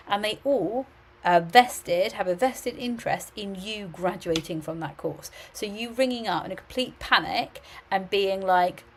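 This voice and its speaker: A middle-aged woman, a university admissions adviser giving chatty, animated advice on a live stream, often restarting her sentences. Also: medium pitch, slight background noise, poor audio.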